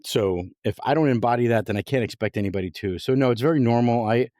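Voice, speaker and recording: A man's voice: mid-range voice, quick pace, mellow, no room sound, clean studio sound. A man who founded a company, a guest on a podcast, talking in a passionate, rambling way with many restarts. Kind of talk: casual interview chat.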